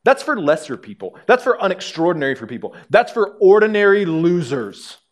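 A man's voice: high-pitched, very animated, a little fast. A man voicing a sly, mocking male devil who goads and sneers as he tempts. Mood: taunting. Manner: goading, sneering.

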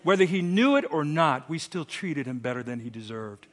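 A middle-aged man preaching a sermon, telling a story with big swings from hushed asides to shouted lines. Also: fairly high pitch, lively intonation, moderate pace. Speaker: pastor.

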